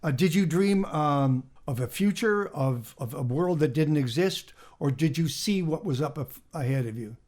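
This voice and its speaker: A man hosting an interview, chatting casually and interjecting with quick agreement. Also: on the high side, animated, darkish tone. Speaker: interview host.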